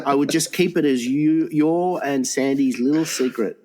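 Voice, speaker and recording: A fairly high-voiced man co-hosting a crude comedy podcast. He is excitable, swears freely and keeps breaking into laughter. His pitch sits a bit above most men's. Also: normal speed, slight background noise. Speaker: podcast co-host.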